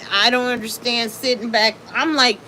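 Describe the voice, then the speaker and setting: A woman chatting casually on a live stream, telling a story with animated energy and greeting her chat viewers. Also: on the high side, normal speed, slight background noise.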